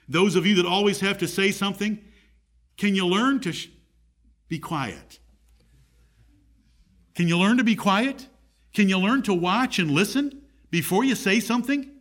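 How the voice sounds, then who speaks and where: A man's voice: high voice, unhurried, pauses often, a bit bright. A man preaching a sermon, rising emphatically on key points.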